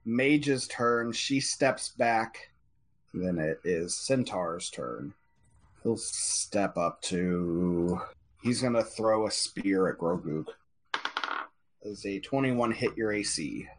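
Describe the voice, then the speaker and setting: Low-voiced man running a tabletop game. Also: slow pace. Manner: relaxed, conversational. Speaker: game master.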